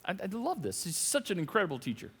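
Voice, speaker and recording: A man preaching a sermon as pastor, animated and jokey, with sudden loud emphasis. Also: high voice, fast, slightly rough, long reverb tail. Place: large church hall.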